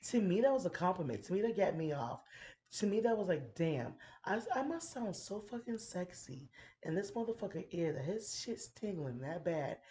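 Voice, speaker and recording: On a casual chat show, a podcast host in her thirties laughs often as she playfully tells a frank, profane story. Her voice is fairly low and mellow, very animated, at a moderate pace, with a little hiss or hum in the background.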